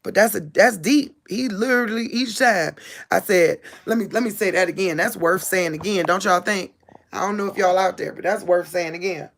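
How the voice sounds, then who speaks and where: A woman's voice: mid-range voice, moderate pace. A woman preaching in an informal monologue, emphatic and repetitive, speaking straight to her listeners. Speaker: spiritual teacher.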